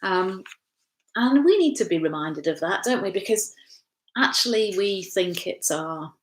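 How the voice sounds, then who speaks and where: A woman's voice: medium pitch, expressive, a little slow. A woman from England, a pastor leading an informal Bible study from home, chatty, with frequent tag questions, fillers and restarts.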